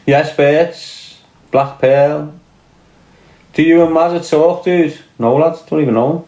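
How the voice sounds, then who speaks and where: His voice is on the high side and a little mellow, with fairly even intonation, and he takes his time; the room is echoey. This Scouse livestream host from Liverpool, England, rants bluntly, swears, and combatively answers the chat messages he reads out.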